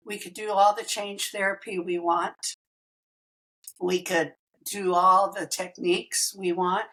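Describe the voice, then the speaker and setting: A woman's voice: mid-range voice, poor audio. Chatty woman telling her story. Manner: animated, laughs often, acts out quoted dialogue. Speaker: podcast host. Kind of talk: personal storytelling.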